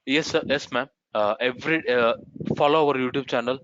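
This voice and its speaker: Bright-voiced man teaching a live online class. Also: medium pitch, normal speed, slight background noise. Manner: addresses students as sir and ma'am constantly. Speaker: online course instructor. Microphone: video call. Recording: muffled online meeting audio.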